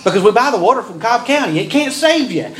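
Man, pastor, sermon, dramatic pauses, loud bursts, high lively voice. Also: low-quality recording. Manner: preaching with sudden loud outbursts and dramatic pauses.

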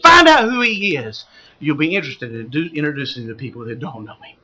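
Male pastor preaching. High, animated voice that questions the flock and rises to fervent exclamations. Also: fairly quick, low-quality recording. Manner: asks the congregation questions and builds to fervent exclamations. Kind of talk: sermon.

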